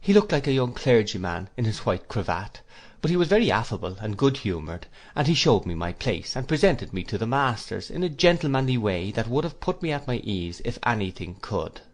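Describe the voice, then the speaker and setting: A man narrating an audiobook in a measured storytelling manner. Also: medium pitch, very animated. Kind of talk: scripted narration.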